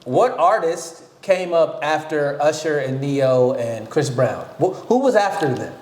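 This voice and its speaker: A man's voice: fairly high pitch, animated, unhurried, a little mellow, reverberant. A man co-hosting a podcast in casual banter, blunt and teasing, telling stories. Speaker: podcast co-host.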